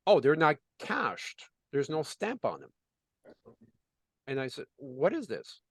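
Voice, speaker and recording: Animated male storyteller, dry close sound. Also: on the high side, slow, gravelly, no room sound. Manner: animated, acts out dialogue, many "you know" fillers. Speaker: business consultant. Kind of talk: storytelling in conversation.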